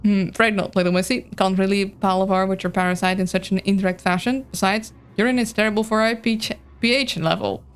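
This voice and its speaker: A woman voicing a sly ancient talking plant parasite with a folksy cowboy drawl, her voice hoarse. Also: medium pitch, steady tone, a little fast, few pauses, natural voice. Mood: coaxing.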